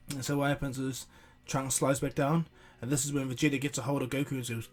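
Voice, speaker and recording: A man's voice: medium pitch, level tone, fast talker, faint music behind. A man casually improvising a fan what-if story, rambling along with restarts and breaking into voices.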